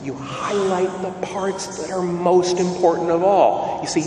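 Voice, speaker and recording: A man's voice: high-pitched, measured pace, a little hiss or hum. A man preaching a sermon in a church, emphatic and questioning, repeating key phrases. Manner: animated, questioning, emphatic repetition. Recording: echoey church, voice from far off.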